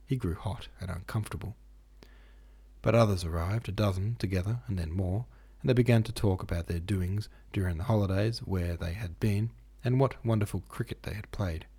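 A man narrating a classic novel in a steady, measured reading. His voice is husky and mellow, sitting on the low side. He hosts the podcast as well as reading. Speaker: audiobook narrator, podcast host. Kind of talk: literary audiobook reading.

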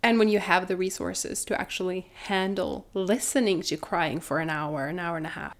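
A woman's voice: fairly low pitch, fairly even intonation, moderate pace. Earnest thirtyish woman talking about raising her kid, reflective, keeps restarting sentences. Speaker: guest, mother and doula. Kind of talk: personal storytelling in conversation.

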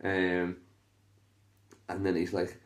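A man's voice: sits low, completely flat delivery, slow pace. A comedian with a Liverpool accent, telling stories on his podcast in a loose, rambling, sweary way, full of fillers. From Liverpool, England. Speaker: stand-up comedian and podcast host. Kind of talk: casual podcast storytelling.

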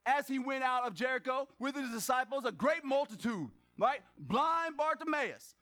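At a church service, a pastor with a very high male voice delivers a lively sermon at a brisk pace. He questions the congregation, throws in joking asides and breaks into shouts for emphasis.

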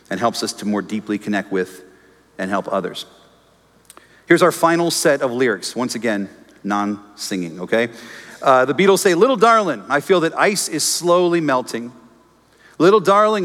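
A pastor preaching a sermon, animated and storytelling, acting out his own prayers and arguments with the crowd. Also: medium pitch, long reverb tail. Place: church auditorium.

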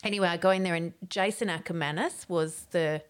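A woman's voice: lowish voice, a little fast, clean tone. A woman comedian co-hosting a casual chat, telling anecdotes and laughing often. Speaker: comedian and co-host.

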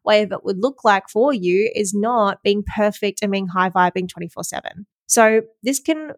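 A woman's voice: medium pitch, moderate pace, no room sound. Upbeat woman podcast host. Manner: chatty and upbeat, swears casually, acts out inner voices. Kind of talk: casual motivational chat.

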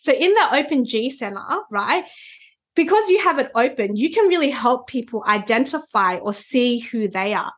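A woman's voice: on the high side, animated, moderate pace. A woman, a guest reader, explaining concepts in a conversational chat and often checking in with "right?". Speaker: Human Design reader, guest.

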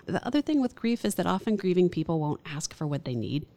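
A middle-aged woman, a hospital chaplain, speaking earnestly and gently in a counseling tone during an interview. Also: fairly low pitch, big pitch swings, fast, no echo. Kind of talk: conversational interview.

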